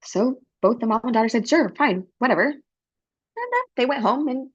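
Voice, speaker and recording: Animated woman interpreter telling a story. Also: on the high side, moderate pace, slightly rough, muffled recording. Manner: animated, expressive, breaks into character voices. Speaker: sign language interpreter voicing a panelist. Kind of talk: storytelling at a panel.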